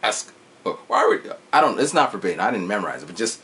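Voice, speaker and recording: Lively, chatty man in his forties. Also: lowish voice, fast, slight background noise. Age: 40s. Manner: animated retelling with sound effects and swearing. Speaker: vlogger reviewing a movie. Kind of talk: casual chat.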